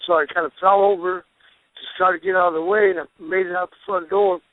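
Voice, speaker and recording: A man who is a pro wrestler, a guest telling rambling, animated stories with restarts and folksy exclamations. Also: high-pitched, quick pace, dry recording. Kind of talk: storytelling interview. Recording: phone line, dry.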